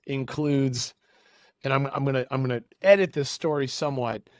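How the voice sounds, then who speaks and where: Man, podcast guest, casual animated storytelling, middle pitch, dry close sound. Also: moderate pace, no room sound. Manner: animated, acts out quoted voices.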